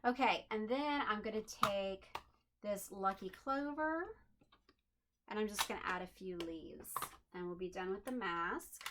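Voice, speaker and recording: A woman's voice: medium pitch, animated, measured pace, background noise. A woman hosting a home craft tutorial, chatting in an upbeat way and thinking aloud as she works at her desk. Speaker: crafting channel host.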